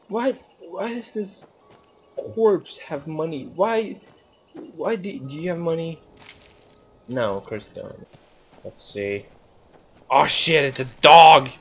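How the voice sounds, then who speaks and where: Swearing man with lively game commentary. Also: a little high, slight background noise. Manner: swears a lot, swings between loud outbursts and muttering. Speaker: gaming video host. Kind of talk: casual gameplay commentary.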